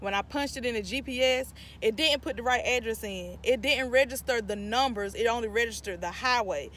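A mom vlogger in her thirties with a North Carolina accent talks chattily to her phone, first from a parked car and then inside a store, with slight background noise. Her voice is a little high, a little fast, and a bit bright. Talkative and irritated, she vents to viewers and calls them "y'all."

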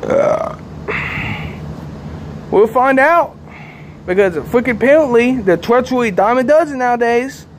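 A man's voice: very high-pitched, lively intonation, unhurried, long pauses, slight background noise. A man rambling repetitively to camera outdoors, agitated and sleepy. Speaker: vlogger. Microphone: handheld camera.

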